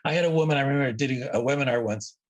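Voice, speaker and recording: Talking very fast at a medium pitch, this male interview guest sounds emotional as he reflects earnestly and repeats words to stress them. The relaxed chat takes place at his home, next to an oceanside lawn.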